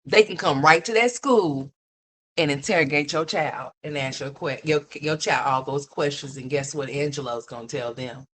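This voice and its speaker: A woman's voice: normal speed, a bit bright. A woman hosting a commentary livestream, scolding and mocking in a blunt, profane ranting style. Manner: mimics others in a higher voice. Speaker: commentary streamer.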